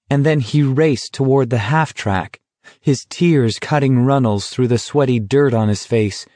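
A man reading an audiobook in steady, measured scripted narration. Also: mid-range voice, dry recording.

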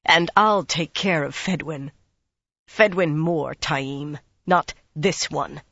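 A narrator voicing a guarded, hard young man who speaks softly yet harshly in a storybook reading. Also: medium pitch, takes it slowly, breathy edge, no echo, dull audio, exaggerated voice. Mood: hard, tense. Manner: soft-spoken but harsh.

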